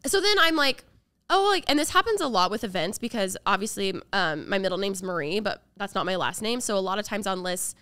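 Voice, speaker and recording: Young woman podcast cohost, bright smooth voice, acts out the quotes, dry close sound. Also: mid-range voice, brisk, no echo. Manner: animated storytelling, acts out quotes. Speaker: podcast co-host. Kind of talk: casual chat.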